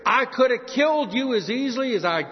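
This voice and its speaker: An earnest young warrior pleads and taunts in a high, lively voice, as a man puts him on. The sound is dull and carries a long hall echo. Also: fairly quick. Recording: dull reverberant hall recording.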